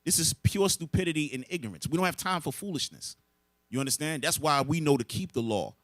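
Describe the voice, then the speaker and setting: A man's voice: a little high, lively intonation, fairly quick, fairly bright tone, no echo. A man preaching a lesson to a group, emphatic and full of rhetorical questions. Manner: emphatic, asks rhetorical questions and answers them. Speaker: religious teacher.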